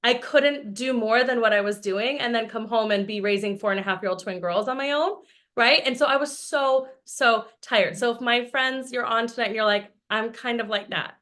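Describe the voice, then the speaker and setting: A woman's voice: a little high, fairly bright tone. A woman from Austin, Texas, in her thirties, giving an enthusiastic, chatty sales presentation over a video call and laughing often. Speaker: business presenter.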